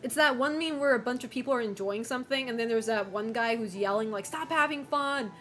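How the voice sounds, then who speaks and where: A woman's voice: a little high, fast, faint music behind. A woman streamer chatting casually with viewers, opinionated, swearing and laughing often.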